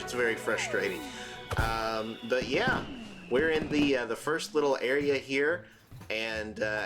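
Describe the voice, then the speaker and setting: A man casually commenting over gameplay in a mid-range voice, rambling and joking with plenty of "uh"s. Now and then his voice leaps up high in mock outrage. Bright game music runs clearly behind him. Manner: rambling and jokey, many fillers, sudden high-pitched exclamations. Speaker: gaming channel host. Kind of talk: let's-play commentary.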